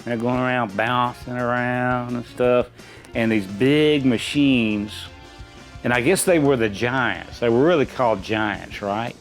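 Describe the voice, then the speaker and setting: A man's voice: mid-range voice, measured pace, faint music behind. Rambling, folksy middle-aged man. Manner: rambling and folksy, many restarts. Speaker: quiz contestant. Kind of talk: casual chat.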